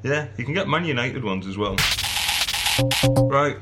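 A man's voice: mid-range voice, expressive, measured pace, over loud music. A man co-hosting a podcast, chatting cheekily, laughing and swearing casually. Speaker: podcast co-host. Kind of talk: casual chat.

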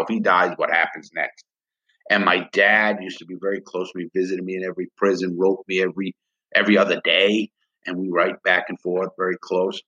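A man's voice: low voice, a bit bright, highs cut off. A middle-aged man, a former prisoner, telling a heated story of his time inside in blunt, profane words. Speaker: interview guest, former prisoner. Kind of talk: emotional storytelling interview.

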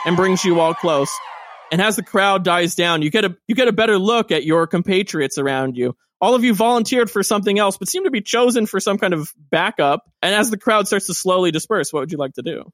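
A man narrating a tabletop game as game master, animated and jokey. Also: sits high, fairly quick, no room sound.

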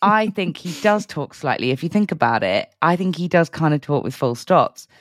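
A woman's voice: low voice, lively intonation, normal speed, dry recording, clean studio sound. A woman co-hosting a casual podcast chat, rambling with self-deprecating, jokey asides. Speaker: podcast co-host.

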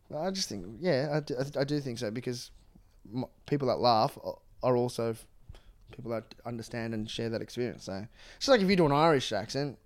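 A young adult man, a stand-up comedian, chatting casually as a guest in an interview, talking quickly with lots of restarts. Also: medium pitch. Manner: fast, animated, many restarts and "like"s.

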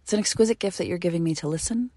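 A middle-aged woman hosting her own podcast, speaking earnestly and from the heart, sometimes dropping to a soft whisper. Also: fairly low pitch, racing, no room sound, clean studio sound. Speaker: podcast host. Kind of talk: intimate solo podcast monologue. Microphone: studio microphone.

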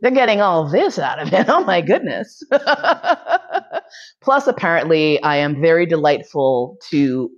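A woman's voice: low-pitched, expressive, a little slow. A woman hosting a podcast, telling a personal story in a candid, chatty way and filling her talk with "like.". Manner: candid and chatty, many "like"s, bursts of laughter. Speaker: podcast host. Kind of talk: casual confessional storytelling. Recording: slightly muffled lo-fi recording.

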